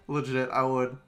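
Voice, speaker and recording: A man's voice: medium pitch, a bit bright. A man chatting and joking casually while livestreaming a video game, swearing now and then. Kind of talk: casual gaming chat.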